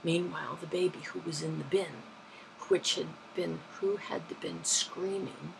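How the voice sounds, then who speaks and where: Gravelly-voiced woman telling stories. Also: on the low side, steady tone, measured pace, noisy background. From London, England. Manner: rambling, self-correcting, chatty. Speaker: vlogger. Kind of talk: casual anecdotal storytelling.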